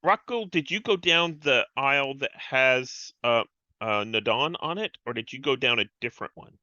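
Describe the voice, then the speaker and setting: A man's voice: mid-range voice, animated, moderate pace, sharp tone, no echo, lo-fi sound. A man playing a tabletop role-playing game, hesitant and full of fillers as he describes his actions. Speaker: player. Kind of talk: tabletop game play, casual chat.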